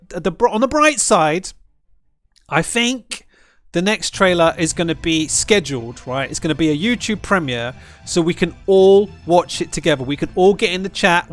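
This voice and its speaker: Male gaming vlogger, higher voice, very lively pitch, rambling and excitable, faint music behind. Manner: excitable, rambling, repeats himself, spikes high when hyped. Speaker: gaming channel host. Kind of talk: casual video commentary.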